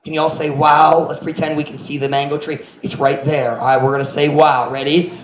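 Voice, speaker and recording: A man's voice: fairly high pitch, little pitch movement, brisk, reverberant, a little hiss or hum, poor audio. A man preaching as a pastor, telling a playful children's story and switching between English and Cebuano. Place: church hall.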